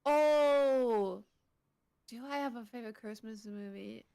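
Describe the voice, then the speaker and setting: A woman's voice: on the high side, slow, creaky, mellow, smooth. A woman guest chatting casually in a laid-back, amused, frank way. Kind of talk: casual chat.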